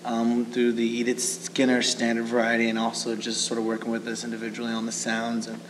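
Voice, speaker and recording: A man speaks in a mid-pitched voice with very little rise and fall. He sounds relaxed and steady, with a faint hum in the background. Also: brisk, poor audio. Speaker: actor. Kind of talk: casual interview.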